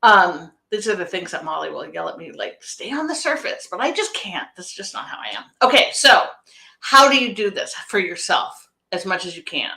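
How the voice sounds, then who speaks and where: A woman's voice: fairly low pitch, lively intonation, normal speed, gravelly, sharp tone. A woman business coach talking casually on a live stream, rambling and emphatic, often restarting her sentences. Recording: echoey room.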